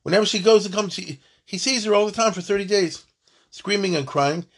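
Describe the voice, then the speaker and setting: Husky man teaching with joking asides. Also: brisk. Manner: joking, rhetorical questions, big swings in pitch and loudness. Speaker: teacher of Jewish law. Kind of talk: lively classroom lesson reading and explaining a text.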